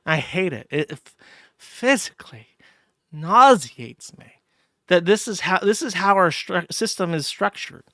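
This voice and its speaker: A man's voice: sits high, animated, measured pace, sharp tone, no room sound, clean studio sound. A man hosting a livestream, ranting angrily and profanely, with mocking asides. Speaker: streamer host. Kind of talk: angry livestream rant.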